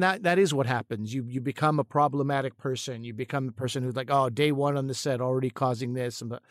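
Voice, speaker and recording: Higher-voiced man telling a thoughtful story. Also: no room sound, clean studio sound. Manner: thoughtful storyteller with frequent restarts. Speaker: podcast co-host, comedic actor. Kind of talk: casual podcast discussion.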